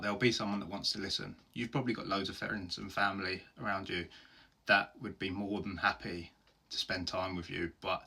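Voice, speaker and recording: A man speaks in a low voice with a rough, gravelly edge. His tone is a little husky, and he answers questions on his own in a candid, earnest way. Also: bright, forceful tone. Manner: earnest, open and heartfelt, with plain everyday phrasing. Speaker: host answering viewer questions. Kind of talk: candid solo Q&A.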